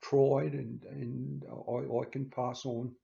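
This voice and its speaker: A man with a very gravelly, mellow voice talks haltingly into a handheld camera, stumbling and restarting often while sounding emotional. The slightly dull, lo-fi recording fits a casual home vlog. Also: medium pitch, flat delivery. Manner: halting, with frequent restarts and stammers. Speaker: channel host.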